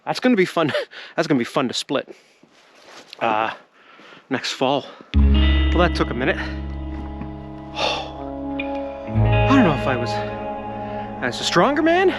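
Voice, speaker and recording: Jokey middle-aged man, lively pitch, casual woods vlogger. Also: slow, pauses often, loud music behind the voice. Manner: jokey, rambling, laughs often. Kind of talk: casual outdoor vlog. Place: snowy woods outdoors.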